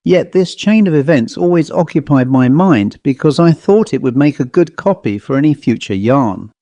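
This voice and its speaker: Warm-voiced English man reading his story. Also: on the high side, expressive, no room sound, lo-fi sound. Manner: measured and descriptive. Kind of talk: first-person audiobook narration.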